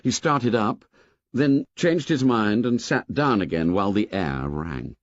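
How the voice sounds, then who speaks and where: A man narrating an audiobook in a lively, expressive storytelling manner. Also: lowish voice, a little slow, dry recording, dull audio. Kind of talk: scripted narration.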